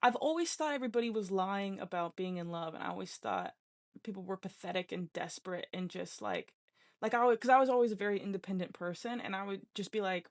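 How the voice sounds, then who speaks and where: A woman's voice: medium pitch, fairly quick. A young woman talks on her own podcast in a loose, chatty way. She rambles, restarts sentences and leans on fillers, sounding open and unguarded. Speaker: podcast host. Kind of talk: casual personal chat.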